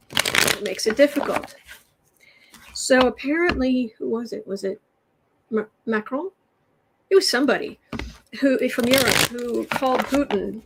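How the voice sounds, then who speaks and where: A woman hosts a tarot livestream in an unhurried, stop-and-start way, her voice sitting a little high. She is sarcastic and laughs often as she talks. Cards shuffle faintly behind her. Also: a little hiss or hum, low-quality recording. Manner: sarcastic, laughs often, speaks haltingly with restarts. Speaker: political tarot livestream host. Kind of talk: casual livestream chat with tarot reading.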